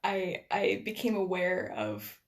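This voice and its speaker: A woman's voice: medium pitch, big pitch swings, takes it slowly, creaky. An American woman whose accent carries a slight Scottish influence, chatting casually as a guest, full of fillers and restarts. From United States. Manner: chatty, self-deprecating, many fillers and restarts. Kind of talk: casual conversation.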